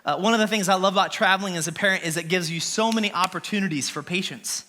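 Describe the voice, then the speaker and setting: A man in his thirties, a worship pastor preaching a sermon in church, animated and laughing as he acts out scenes. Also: high voice, quick pace, a little hiss or hum.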